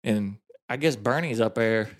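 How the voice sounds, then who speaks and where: A man's voice: on the low side, a little slow. Folksy man telling a story. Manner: laughs often, folksy rambling storyteller. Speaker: podcast host. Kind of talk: casual storytelling chat.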